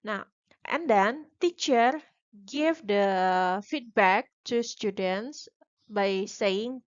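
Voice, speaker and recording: A young woman with an Indonesian accent giving an academic class presentation as a graduate student, halting with frequent restarts and fillers. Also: medium pitch, no room sound, highs cut off.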